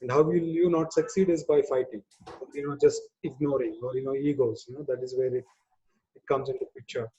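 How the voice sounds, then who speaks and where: A man's voice: medium pitch, fairly even intonation, brisk, warm tone, highs cut off. A man speaking as a webinar presenter on people management, conversational, with many "you know" fillers. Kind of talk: webinar talk.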